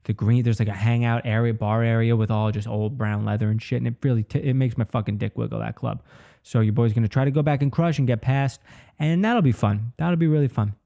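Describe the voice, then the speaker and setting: Rambling profane young man, mellow voice. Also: mid-range voice, fairly even intonation, brisk, vocal fry. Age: 20s. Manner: rambling, profane, says "dude" often. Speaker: comedian and podcast host. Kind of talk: casual solo podcast monologue.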